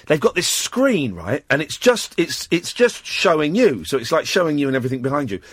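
Hosting a late-night phone-in radio show, a man chats casually and playfully teases a caller, animated and laughing often. His voice is a little high, a little fast and husky. A close microphone in the radio studio gives clean, echo-free studio quality.

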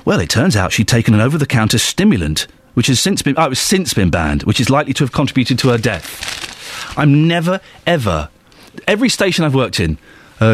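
A man's voice: mid-range voice, big pitch swings, fairly quick. A man hosting a radio show in casual, jokey chat, full of sarcastic asides.

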